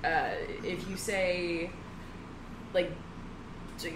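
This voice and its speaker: A woman with a lowish voice explaining things in a chatty, offhand way on a podcast. The room is echoey and there is a clear hiss behind her. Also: takes it slowly, long pauses. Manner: chatty, laughs while telling stories. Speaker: podcast guest. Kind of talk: casual podcast banter.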